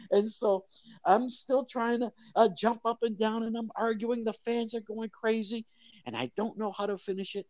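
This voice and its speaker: An older man telling a lively anecdote in an interview, acting out voices of the crowd. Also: very high-pitched, moderate pace, no room sound, dull audio. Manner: animated storyteller, acts out crowd voices. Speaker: guest, mascot performer. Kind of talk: storytelling interview.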